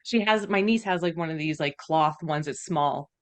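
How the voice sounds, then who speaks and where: A woman's voice: low voice, normal speed. A woman co-hosting a podcast, telling a casual story and giggling. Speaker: podcast co-host. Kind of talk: casual chat.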